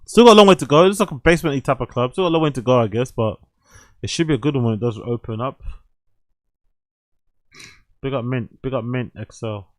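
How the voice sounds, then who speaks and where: A young adult man hosting a show, reading news aloud and reacting with excited, swearing asides. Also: medium pitch, fairly quick, long pauses, no room sound, soft background music. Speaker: host.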